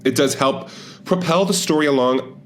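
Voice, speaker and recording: A man's voice: a little high, normal speed, slight background noise. A man in casual chat, weighing his views on a film thoughtfully, with many fillers and hedges. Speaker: podcast guest.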